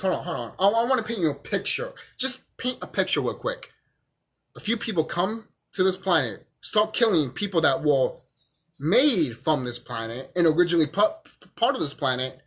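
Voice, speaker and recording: A man talking to camera while drunk, his husky voice riding high and swinging up and down as he makes his points. He stutters a little, swears freely and repeats lines for emphasis. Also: fairly bright tone. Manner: profane, emphatic, repeats himself. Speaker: vlogger. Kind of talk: rambling monologue to camera.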